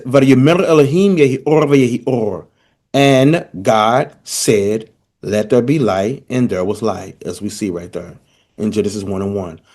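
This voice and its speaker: A man's voice: mid-range voice, dark tone. A man teaching a lesson, explaining points emphatically and checking in with his listeners as he goes. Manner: emphatic, addresses listeners directly, checks in often. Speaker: teacher presenting a language comparison. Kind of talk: lecture-style explanation.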